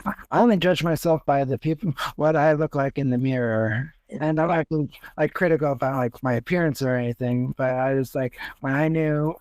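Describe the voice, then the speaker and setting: A man's voice: medium pitch, fairly quick, a little mellow, no room sound. A young man hosting a podcast in casual chat, rambling with lots of fillers and restarts. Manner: rambling, many fillers and self-corrections. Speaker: podcast host.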